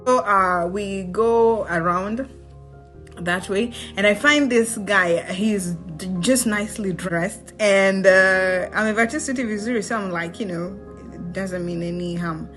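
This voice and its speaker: A young woman with a Kenyan accent chats through a personal story in a loose, lively way, with a mid-pitched voice and her laughs breaking in. Faint music runs quietly behind her. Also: unhurried. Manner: animated, mixes in Swahili slang, laughs often. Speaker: vlogger. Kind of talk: casual storytelling.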